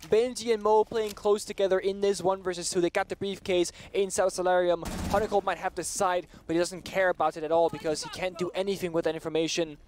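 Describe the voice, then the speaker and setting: A man's voice: high-pitched, flat delivery, fast talker, few pauses, a little mellow, slight background noise. A man giving chatty, explanatory color commentary on an esports match. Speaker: esports analyst.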